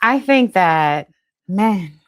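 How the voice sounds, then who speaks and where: A woman hosting a faith podcast, reflecting slowly and affirming her guest. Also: medium pitch, expressive, no echo, studio quality. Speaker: podcast host.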